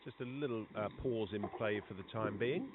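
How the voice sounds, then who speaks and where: This cricket commentary comes from a man with a fairly low voice speaking at a moderate pace at an outdoor ground. Conversational and chatty between balls, he gets more excited on big shots, and the audio is tinny and phone-like with clear background noise.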